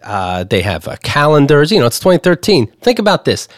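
A man's voice: fairly high pitch, fairly quick, dry recording, studio quality. A man co-hosting a comedy podcast, joking around and loosely reading an ad. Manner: joking, animated, reads ad copy loosely. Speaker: podcast co-host. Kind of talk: casual comedic chat.

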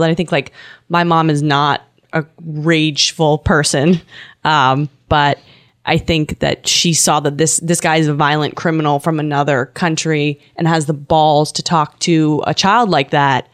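Smooth-voiced young woman, measured. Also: deep voice. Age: young adult. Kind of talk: casual chat.

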